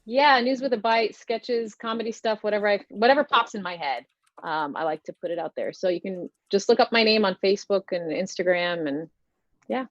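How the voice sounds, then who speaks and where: A woman's voice: medium pitch, fairly quick, dry recording, lo-fi sound, soft background music. A woman performing a stand-up comedy set over a video call, telling wry stories with lots of fillers. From United States. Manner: wry, conversational storytelling with many fillers.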